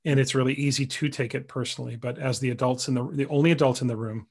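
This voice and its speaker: A man's voice: medium pitch, steady tone, fast talker, husky. Reflective male podcast host. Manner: reflective, rephrases mid-sentence. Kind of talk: casual interview talk.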